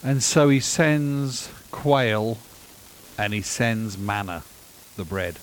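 A man delivering a sermon, animated and emphatic, with dry self-deprecating humor. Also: on the low side, takes it slowly, low-quality recording. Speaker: preacher.

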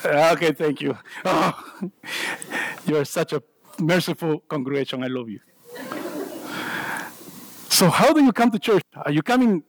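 Preaching a sermon in church, a man with a non-native English accent speaks in a fairly high voice, a little slowly, with long pauses. He jokes at his own expense and often stammers and restarts his sentences. The recording is low quality but has no echo.

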